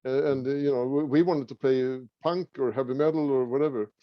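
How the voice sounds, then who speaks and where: A middle-aged man from Sweden with a Swedish accent, talking casually as an interview guest, halting with many fillers and restarts. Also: mid-range voice, steady tone, no echo, muffled recording. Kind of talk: casual conversation.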